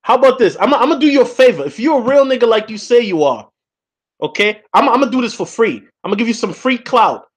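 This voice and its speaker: A man's voice: extremely high pitch, animated, fast, husky. A man hosting a call-in chat, teasing and needling the caller. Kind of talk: casual call-in banter.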